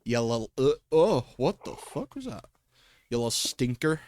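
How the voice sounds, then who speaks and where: A man's voice: medium pitch, sing-song, moderate pace, darkish tone. A man livestreaming a game in casual commentary, chatty and talking to himself and his pets, swearing and laughing often at a desk microphone.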